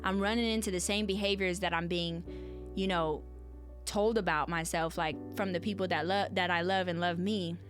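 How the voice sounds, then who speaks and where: A woman's voice: on the low side, fairly even intonation, moderate pace, soft background music. A woman hosting a podcast, talking earnestly and conversationally and often turning to address her listeners directly. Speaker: podcast host. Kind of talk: reflective solo podcast talk.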